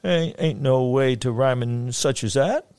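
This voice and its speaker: A man's voice: mid-range voice, a little slow, darkish tone, smooth, dry recording, voice pushed up, close to an everyday voice. A man voicing a chubby, folksy old backwoods man who talks in a sing-song drawl and stammers as he goes, in a dry, close recording.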